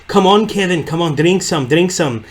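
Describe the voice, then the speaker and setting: A man's voice: mid-range voice, normal speed, lightly acted. A man putting on a jovial, pushy South African man in his sixties, with a put-on South African accent and a hearty, coaxing manner.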